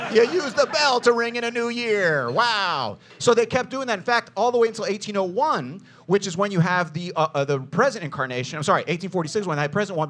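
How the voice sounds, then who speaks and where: A man giving a jokey, energetic history talk to a group as a tour guide, teasing the listeners and calling them "you guys" and "baby.". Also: high voice.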